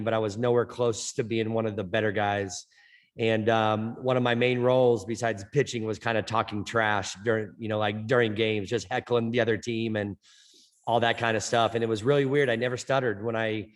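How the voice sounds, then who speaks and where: Low, flat-voiced man who stutters. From Orange County, California. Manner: stutters, with many repeated words and fillers. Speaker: head softball coach, guest. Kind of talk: podcast interview.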